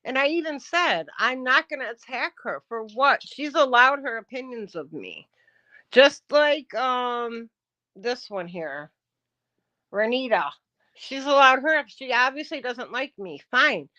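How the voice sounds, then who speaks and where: A woman's voice: sits high, animated, unhurried, bright, forceful tone, no room sound, muffled recording. A woman livestreaming in a casual rant, combative and profane, answering her chat.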